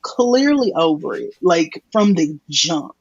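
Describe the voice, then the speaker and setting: A husky, slightly breathy speaker co-hosts a podcast and talks about a comic in an animated, joking way. The recording sounds dull and muffled. The room is dry, with no echo. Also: mid-range voice. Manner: animated, laughing, quick to joke. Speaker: podcast co-host. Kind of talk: casual comic discussion.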